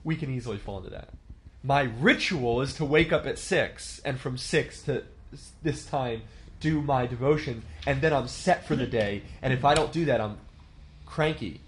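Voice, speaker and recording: A man's voice: medium pitch, normal speed, slight background noise. A man in his thirties teaching a church leadership class in a conversational way, asking the class questions and acting out quotes.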